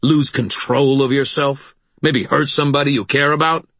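A man's voice: deep voice, slow pace, husky, dry recording, exaggerated voice. A man voicing a brooding vampire brother. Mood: furious. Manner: steady, then cutting and sarcastic. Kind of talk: audiobook dialogue.

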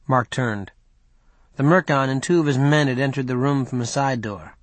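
A man narrating an audiobook in a steady, even storytelling manner. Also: medium pitch, moderate pace, dry recording. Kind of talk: scripted narration.

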